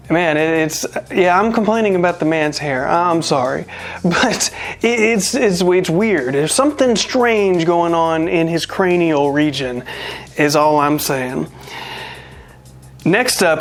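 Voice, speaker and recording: A wrestling show reviewer giving a casual, rambling spoken recap, full of wry, self-deprecating jokes and asides. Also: medium pitch. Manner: rambling and chatty, with jokey asides.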